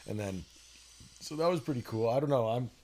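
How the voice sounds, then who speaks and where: A man's voice: medium pitch, animated, brisk, a little mellow. A man co-hosting a podcast, telling rambling, joking stories and correcting himself as he goes. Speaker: podcast co-host. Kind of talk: casual chat.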